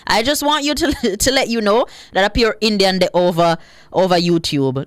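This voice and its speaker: Lively Jamaican woman radio host. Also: medium pitch, normal speed, dry recording. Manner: lively, laughing, drops into patois. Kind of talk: live radio reading listener comments.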